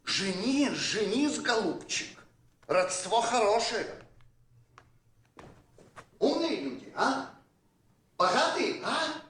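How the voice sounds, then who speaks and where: A sneering old prince. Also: male voice, high-pitched, very animated, takes it slowly, pauses often, a bit bright, full character voice. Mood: scornful. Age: older. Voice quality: mocking, scornful. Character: sarcastic, cantankerous old prince. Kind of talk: film drama acting. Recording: roomy film soundtrack, faint ambience.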